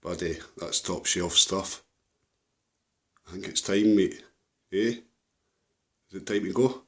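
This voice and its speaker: A man caring for a rescued seagull talks to it easily in his home video, affectionately addressing it as buddy and mate. His voice is deep yet a bit bright, and he takes his time.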